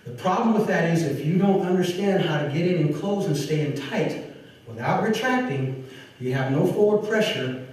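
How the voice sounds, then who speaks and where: A man teaching a martial arts seminar, animated, talking while he demonstrates moves. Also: on the high side, normal speed. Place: large echoey training hall. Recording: echoey hall recorded from far off.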